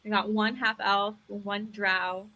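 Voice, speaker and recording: A woman's voice: medium pitch, flat delivery, slow pace, sharp tone, dull audio. A young woman chatting casually while streaming a game, rambling and upbeat, on a lavalier mic at home. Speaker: gaming streamer. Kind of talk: casual live-stream chat.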